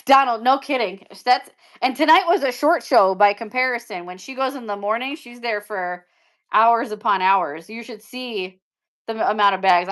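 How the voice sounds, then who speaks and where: A woman hosting a live-stream pin auction, chatting casually and upbeat with viewers and laughing often. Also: on the high side. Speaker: live shopping seller.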